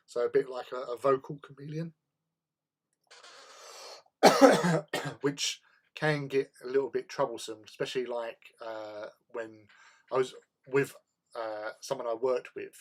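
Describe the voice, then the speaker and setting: Rambling man chatting casually. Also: mid-range voice. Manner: rambling, laughs often. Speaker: host of a hobby livestream. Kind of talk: casual chat with viewers.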